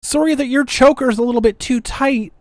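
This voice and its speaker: A woman's voice: sits high, a little fast, no echo, clean studio sound. Sarcastic ranting woman podcaster. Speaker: podcast host. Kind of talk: casual podcast commentary.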